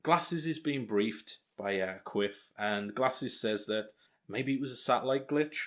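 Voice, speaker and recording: A man's voice: mid-range voice, unhurried. A young man co-hosting a podcast, recapping an episode in a rambling, joking way with lots of ums. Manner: rambling recap with self-mocking jokes and frequent ums. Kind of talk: casual podcast chat.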